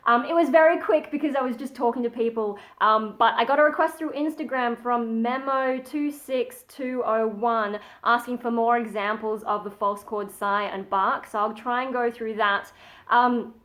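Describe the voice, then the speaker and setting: A woman's voice: fairly high pitch, fairly even intonation, normal speed, fairly bright tone. A woman at home giving a casual metal vocal tutorial, chatty and modest, stopping often to show the sounds she means. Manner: chatty and modest, breaks off to demonstrate sighs and growls.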